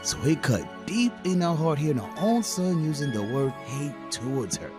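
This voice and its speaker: A man narrating his own childhood story for an animated storytime, dramatic and animated. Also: fairly high pitch, normal speed. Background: background music.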